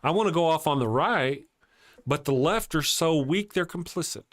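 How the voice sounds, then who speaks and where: Relaxed man co-hosting a live stream. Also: fairly high pitch, moderate pace, no room sound, studio quality. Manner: relaxed, reacts often, reads super chats. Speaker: co-host reading viewer chat. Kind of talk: casual live-stream chat.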